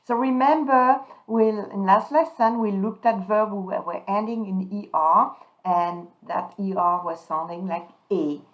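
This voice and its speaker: Lady teaching verb endings, says the words slow and clear, kinda muffled lo-fi audio. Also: medium pitch. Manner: slow, emphatic modelling of French words. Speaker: French teacher. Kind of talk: pronunciation lesson. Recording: dull lo-fi sound.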